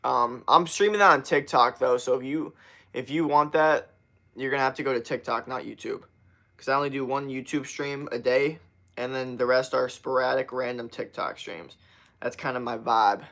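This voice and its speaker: A man's voice: medium pitch, steady tone, normal speed, sharp tone. A young man talking loosely to his viewers on a livestream, rambling and swearing constantly as he chats. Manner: loose, rambling and heavily profane. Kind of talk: casual livestream chat to viewers.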